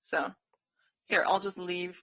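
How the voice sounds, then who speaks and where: A woman's voice: on the low side, slow pace, dry recording, dull audio. A woman hosting a live day-trading stream, calling out price targets and eagerly urging the market on. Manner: excitable, cheering the market on, pleading. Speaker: day-trading livestream host.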